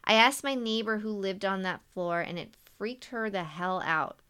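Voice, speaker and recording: A woman's voice: mid-range voice, normal speed, pushed and bright, clean tone. A woman co-hosting a podcast, reading listener stories aloud with jokey asides and frequent laughs. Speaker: podcast co-host. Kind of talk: casual podcast chat.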